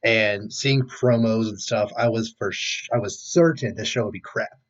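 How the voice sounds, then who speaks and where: A man in his twenties co-hosting a casual chat, speaking in a measured, deliberate way and weighing his words. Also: lowish voice. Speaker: podcast co-host. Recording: dull lo-fi sound.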